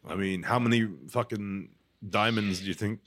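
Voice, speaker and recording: A man co-hosting a podcast, chatting casually over a movie in a crude, meandering, halting way. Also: on the low side, fairly even intonation, a bit bright. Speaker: podcast co-host.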